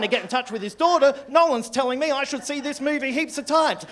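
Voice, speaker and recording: An Australian man in his sixties doing live stand-up comedy, rambling and sweary in an excitable storytelling manner. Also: sits high, fast, few pauses, background noise. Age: 60s. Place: comedy club stage.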